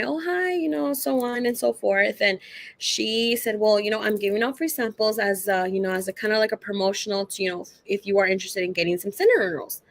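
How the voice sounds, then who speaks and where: A woman's voice: medium pitch, a bit bright, dry recording. Chatty woman, very dry sound. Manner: chatty, filler-heavy, acts out dialogue. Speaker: psychic medium guest. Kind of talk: casual storytelling.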